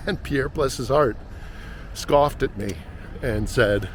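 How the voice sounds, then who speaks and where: A man's voice: medium pitch, slow pace, pauses often. A middle-aged man narrating a walking vlog through city streets and a market, reflective and conversational, thinking aloud. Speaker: vlogger and reporter. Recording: noisy outdoor street ambience. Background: city traffic and street noise.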